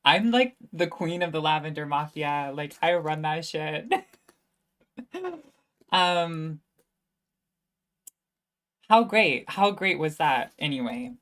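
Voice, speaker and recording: A woman's voice: low-pitched, slow, long pauses. A young woman, a student, chatting casually on a livestream and answering viewer questions, self-mocking and laughing often.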